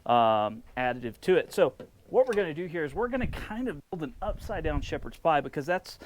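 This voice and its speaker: A man hosting a casual outdoor barbecue cooking vlog, enthusiastic and relaxed, with plenty of fillers. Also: fairly high pitch, a little fast, a little hiss or hum. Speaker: barbecue cooking channel host. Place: outdoors at a smoker.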